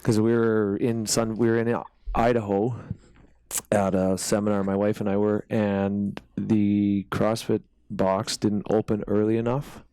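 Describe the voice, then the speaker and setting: A man's voice: lowish voice, little pitch movement, measured pace, warm tone, clean tone, no room sound. A man talking as a podcast guest in an easygoing way, laughing often. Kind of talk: casual chat.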